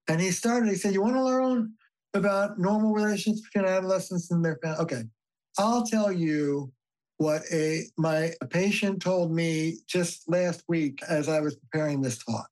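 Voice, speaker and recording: An older man, a family therapist, talking as a guest in a podcast interview, telling stories in an animated, emphatic way and swearing casually. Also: on the high side, rough recording.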